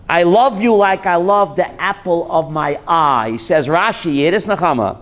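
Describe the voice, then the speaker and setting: A man's voice: high-pitched, fairly bright tone. A man, a rabbi, giving a joking Torah class to a live audience and putting questions to them.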